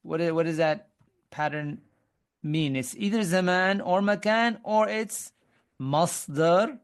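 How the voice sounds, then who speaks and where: A man's voice: high voice, slow, smooth. Man teaching grammar in an online class. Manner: explains step by step, quizzes students, frequent restarts. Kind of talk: online webinar lesson.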